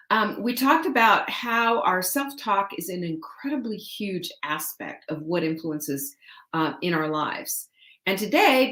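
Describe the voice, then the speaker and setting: A woman's voice: mid-range voice, a bit bright. Earnest woman host in an echoey room. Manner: earnest, emphatic, with frequent restarts and small laughs. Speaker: show host. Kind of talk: live-stream chat to viewers.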